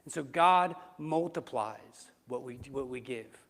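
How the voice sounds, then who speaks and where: A man's voice: mid-range voice, measured pace, a bit bright. A male pastor giving a conversational sermon, asking his listeners rhetorical questions. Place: church sanctuary. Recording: reverberant church hall.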